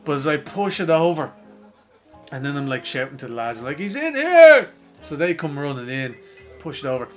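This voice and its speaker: A young Irish man from Dublin, co-hosting a podcast and telling a sweary, animated story in casual chat. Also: medium pitch, brisk, faint music behind. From Ireland. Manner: sweary, animated anecdote teller. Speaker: podcast co-host.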